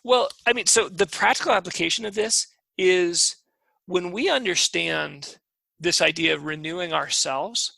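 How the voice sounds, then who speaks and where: A man's voice: sits high, normal speed, vocal fry, sharp tone, no room sound, rough recording. A man co-hosting a podcast, talking about faith in an earnest, eager way and often restarting his sentences. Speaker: podcast co-host. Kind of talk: casual faith discussion.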